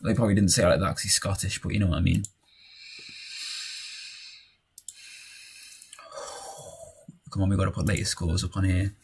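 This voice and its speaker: A young man casually commentating on his own football management game, cheering and shouting at goals and muttering in tense moments. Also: deep voice, fairly even intonation, slow pace, vocal fry, long pauses, slight background noise.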